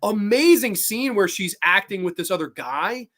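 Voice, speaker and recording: A man hosting a podcast, chatting casually and excitably about films, swearing freely and acting out scenes. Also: high voice, moderate pace. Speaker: podcast host. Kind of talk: casual film chat.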